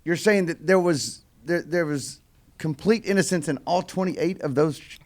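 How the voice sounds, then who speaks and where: A man's voice: fairly high pitch, normal speed. A man co-hosting an interview, asking pointed, clarifying follow-up questions. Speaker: co-host.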